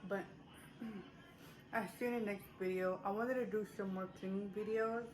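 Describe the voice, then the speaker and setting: In a casual haul chat to camera, a woman vlogger rambles slightly out of breath, full of fillers and restarts. Her mid-range, a little mellow voice has fairly even intonation at normal speed, with a little hiss or hum.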